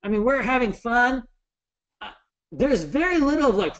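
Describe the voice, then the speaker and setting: Animated, swearing man in his thirties teaching. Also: extremely high pitch, moderate pace, pauses often, dull audio. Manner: animated, swears, jokey storytelling. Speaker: trading instructor. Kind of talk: casual webinar lecture.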